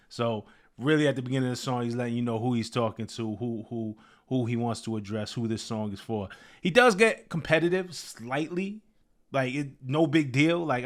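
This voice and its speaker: A man hosting his own show, giving casual commentary on a new music release, talking loosely with many fillers and restarts. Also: medium pitch. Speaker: host.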